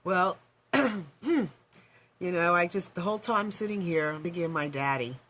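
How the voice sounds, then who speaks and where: A woman's voice: fairly low pitch, moderate pace, a little hiss or hum. Emotional woman hosting a talk show. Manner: warm, emotional, sentimental. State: voice going hoarse. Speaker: radio talk show host. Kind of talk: radio talk show chat.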